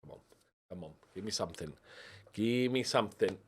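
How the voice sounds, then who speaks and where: A man's voice: on the low side, a little fast, a little hiss or hum. A young man giving casual commentary while playing a football management game, talking to his players on screen. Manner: animated, talks to the players on screen, yelps in frustration. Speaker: gaming YouTuber. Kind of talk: casual let's-play commentary.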